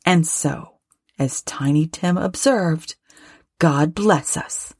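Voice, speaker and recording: A woman narrating a classic story aloud with expressive, lively phrasing. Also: low-pitched, takes it slowly, slightly rough, no room sound, studio quality. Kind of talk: storybook reading.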